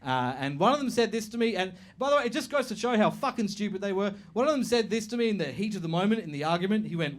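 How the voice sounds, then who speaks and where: Sweary high-voiced stand-up comedian. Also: male voice, fast, few pauses. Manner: sweary, animated, mocking impressions of strangers. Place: comedy club stage with a laughing audience.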